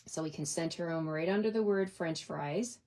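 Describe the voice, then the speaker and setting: In a laid-back craft tutorial, a middle-aged woman explains her stamping process at a desk, peppering it with "right?". Her warm voice sits low and moves at a normal speed, with slight background noise.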